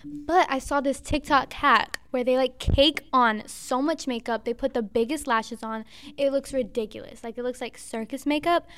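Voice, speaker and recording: High-voiced chatty teen girl host. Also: normal speed, smooth. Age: late teens. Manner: chatty, rambling, lots of "like". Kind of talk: casual chat.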